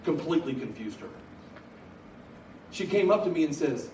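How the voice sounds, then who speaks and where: A man's voice: fairly high pitch, moderate pace, pauses often, a little hiss or hum. A middle-aged man preaching a sermon to a large room, telling stories with bursts of energy. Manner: energetic storytelling, bursts of excitement. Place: large room at a college gathering. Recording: echoey room from a distance, faint ambience.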